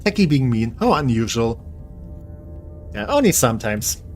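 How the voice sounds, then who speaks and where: A man's voice: medium pitch, big pitch swings, moderate pace, darkish tone, faint music behind. A man live-streaming a game, tired and rambling as he jokes with his chat in a self-deprecating way.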